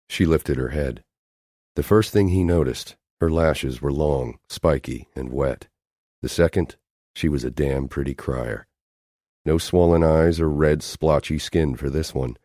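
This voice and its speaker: Very deep-voiced male audiobook narrator. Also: warm tone, no room sound, clean studio sound. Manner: measured, dramatic narration with dropping phrase ends. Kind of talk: scripted narration.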